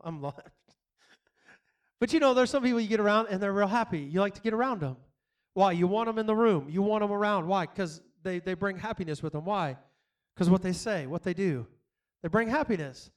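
High-voiced pastor preaching casually. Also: male voice, expressive, brisk, clear, resonant tone. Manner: conversational, repetitive rhetorical questions, laughs often. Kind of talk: sermon.

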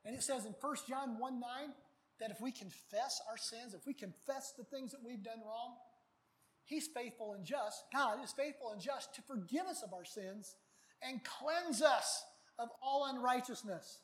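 Man, middle-aged pastor, folksy baptism sermon, animated, bursts of shouting. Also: very high voice, unhurried.

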